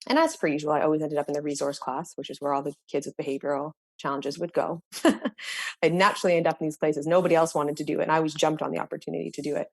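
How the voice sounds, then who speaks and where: Woman, educator, low voice, dry close sound, earnest storytelling, restarts often. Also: quick pace, vocal fry, slightly rough, no echo. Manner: earnest, with frequent restarts and repeated words. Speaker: educator and podcast guest. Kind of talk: reflective storytelling in conversation.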